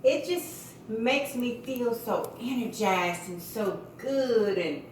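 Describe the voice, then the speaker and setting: A woman at a home meeting sharing an excited, playful testimony about a product. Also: a little high, takes it slowly, a little hiss or hum. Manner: gushing, playful, laughs at herself. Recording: echoey room, voice from far off.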